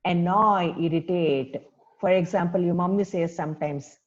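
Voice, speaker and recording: Woman teacher, unhurried, keeps quizzing the pupils, muffled recording. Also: on the low side. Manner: slow, questioning, repeats key words and asks pupils. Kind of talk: classroom lesson explaining a poem.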